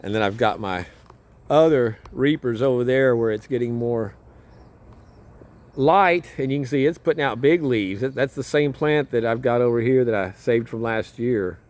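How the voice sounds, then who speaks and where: Out in his garden, a home gardener and vlogger chats casually, rambling, chuckling, and cutting himself off in a relaxed way. His voice sits in the mid range and moves at a moderate pace.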